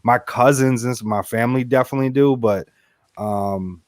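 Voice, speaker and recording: A man's voice: medium pitch, normal speed, no echo, clean studio sound. A man from central Massachusetts co-hosting a talk show, easygoing and reflective. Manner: easygoing, reflective, laughs often. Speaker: co-host. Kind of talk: casual chat.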